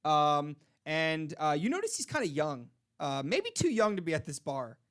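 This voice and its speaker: A man's voice: fairly high pitch, wildly swooping pitch, moderate pace, fairly bright tone. A man running a tabletop game as game master, laughing often as he narrates. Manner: giggly, laughs often between lines.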